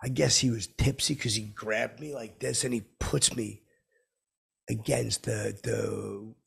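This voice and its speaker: Man performing a dim small-time hustler, rambling, repetitive, rough husky voice, gravelly, podcast monologue. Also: lowish voice, fairly even intonation, measured pace, heavily acted. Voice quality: gravelly, very raspy. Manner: rambling, repeats "I go" constantly. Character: dim, rambling male hustler, self-absorbed and clueless. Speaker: podcast host. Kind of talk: comedic character monologue.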